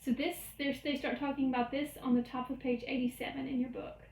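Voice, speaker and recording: A woman's voice: sits high, little pitch movement, fast, vocal fry, darkish tone. A woman music teacher giving a recorded lecture, explaining rhythm step by step and chanting the syllables. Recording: echoey room.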